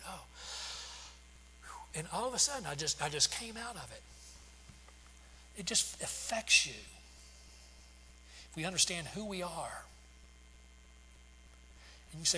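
A man's voice: fairly high pitch, lively intonation, measured pace, long pauses, bright, forceful tone. A man in his sixties preaching a sermon, telling stories with frequent restarts and fillers. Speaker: pastor. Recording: long hall reverb, faint hum.

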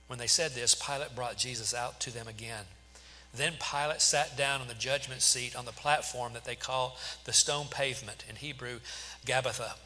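A man narrates scripture in a steady, dramatic reading, stumbling a little now and then. His voice is very bright and clear. A long hall reverb trails behind it. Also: mid-range voice, moderate pace, a little hiss or hum. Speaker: scripture reader.

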